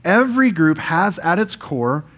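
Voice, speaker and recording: A man's voice: sits high, big pitch swings, a little slow, a bit bright. A man pastor preaching an earnest sermon in church, explaining scripture and sometimes voicing quoted speakers.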